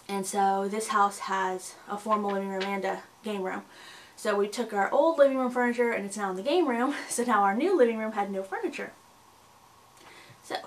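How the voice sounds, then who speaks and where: A woman's voice: mid-range voice, a bit bright, rough recording. Chatty young woman vlogging. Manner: chatty, lots of fillers and likes. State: husky morning voice. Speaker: pregnant vlogger. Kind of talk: casual chat to camera.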